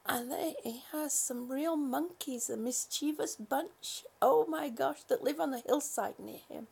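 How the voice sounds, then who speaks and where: A woman's voice: sits high, a little slow, creaky, darkish tone. A woman chatting casually on a live stream, greeting viewers one by one with affectionate pet names and rambling with fillers and restarts.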